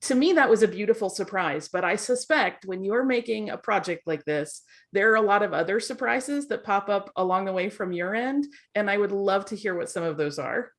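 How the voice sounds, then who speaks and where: A woman's voice: mid-range voice, animated, fairly quick, few pauses. A woman moderating a virtual panel, curious and asking open questions over a video call. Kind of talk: casual panel chat.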